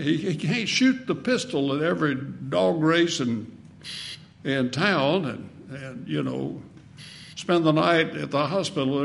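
Gravelly folksy male preacher. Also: fairly high pitch, a little hiss or hum. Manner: folksy preaching with rhetorical questions; emphatic, swings between loud and soft. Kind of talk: sermon.

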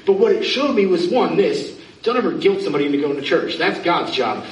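Male pastor, high voice, conversational sermon, echoey church from far off. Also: expressive, fairly quick. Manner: conversational preaching with questions to the congregation. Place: church sanctuary.

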